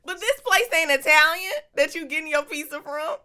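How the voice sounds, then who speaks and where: A woman's voice: high-pitched, moderate pace, sharp tone. A woman hosting a casual podcast chat, asking playful questions and laughing a lot. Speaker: podcast host.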